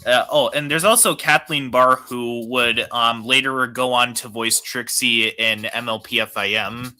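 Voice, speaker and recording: A man's voice: medium pitch, fairly even intonation, a little slow, sharp tone. A man co-hosting a casual podcast, hesitant and full of ums and uhs. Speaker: podcast co-host. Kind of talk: casual chat.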